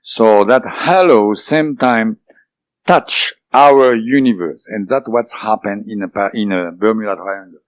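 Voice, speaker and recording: Low-voiced French-speaking man, halting. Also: no echo. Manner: halting, with many fillers and restarts. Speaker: interview guest. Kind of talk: recounting a personal experience in an interview. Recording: dull lo-fi dry recording.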